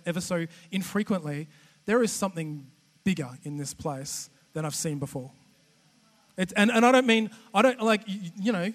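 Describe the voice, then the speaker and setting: A man with an Australian accent giving a humorous, chatty sermon as a guest preacher, animated and self-deprecating with many restarts. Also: high voice. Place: church auditorium. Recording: long church hall reverb.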